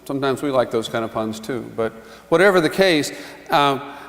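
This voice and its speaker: Guy preaching in church, chatty with little laughs, mid-pitched, big church echo. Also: animated, moderate pace, fairly bright tone. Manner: conversational, chuckling asides, acts out quotes. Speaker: pastor. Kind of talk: sermon. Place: church sanctuary. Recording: church hall reverb.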